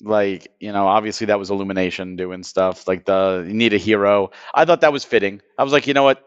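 A man's voice: on the low side, fairly quick, clear, resonant tone, dry recording, muffled recording. A man co-hosting a podcast, chatting casually and with feeling about a film, often repeating himself. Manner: enthusiastic, emotional, repeats words. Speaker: podcast co-host.

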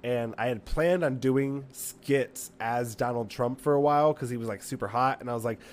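A man's voice: medium pitch, moderate pace. A man who is a podcast guest and sketch comedian, telling stories in casual chat, rambling with lots of fillers and frequent laughs.

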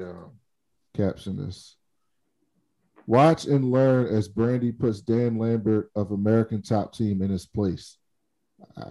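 A man's voice: mid-range voice, low-quality recording. A man co-hosting a podcast in casual chat, retelling a story and often laughing as he talks. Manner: animated retelling of a conversation. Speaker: podcast co-host.

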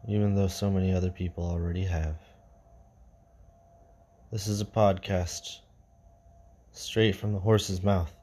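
A man hosting an unscripted podcast, reading stories and musing casually, his voice sinking low and quiet at the ends of phrases. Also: flat delivery, a little slow, pauses often. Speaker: podcast host.

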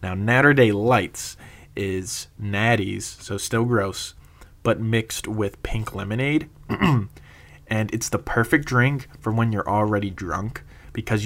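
A young man with a somewhat low voice tells a story in a loose, rambling way. He laughs often and stops for plenty of "uh"s and "um"s as he goes. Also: a little slow, fairly bright tone. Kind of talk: casual storytelling monologue.

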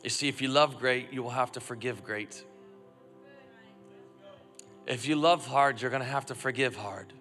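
A man, a father of a young son, preaching a sermon and calling on the congregation to repeat phrases back, swinging between loud urging and hushed reflection. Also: medium pitch, moderate pace, long pauses. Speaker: pastor. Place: church auditorium. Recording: long hall reverb, music faint behind.

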